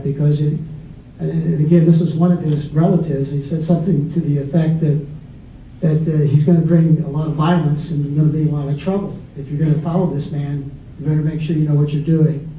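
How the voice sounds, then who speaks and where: A man in a debate talks off the cuff, stumbling and restarting as he goes. His voice sits fairly high yet sounds very dark. He is heard from a distance in an echoey room, on a dull recording with faint noise. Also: steady tone. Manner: halting, many restarts and repeated words. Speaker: debate panelist. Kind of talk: unscripted debate talk.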